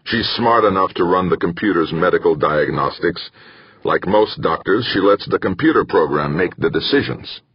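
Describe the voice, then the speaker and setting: A man playing a gruff, stern ship captain. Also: sits low, expressive, normal speed, dry recording, dull audio, voice pushed up. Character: gruff, glowering ship captain, protective father.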